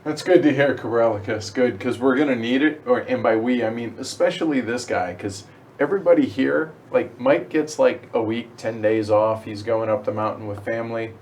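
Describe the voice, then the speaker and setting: A male host talks his way through a board game, explaining the rules and joking with the other players. His pitch sits in a middle range, and a faint hiss stays under the table chatter. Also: normal speed, a little mellow. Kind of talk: casual game-table chat.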